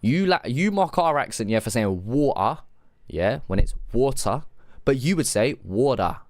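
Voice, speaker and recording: A man streaming live, giving blunt, casual reactions to a track, swearing freely and thinking out loud. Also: mid-range voice, very animated, a little fast, no room sound, clean studio sound.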